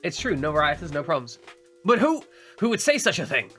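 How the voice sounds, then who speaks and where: A stern, commanding general speaks in measured, formal sentences with a cold edge, read out by a man. His voice sits a little high and bright, and quiet music runs underneath. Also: big pitch swings.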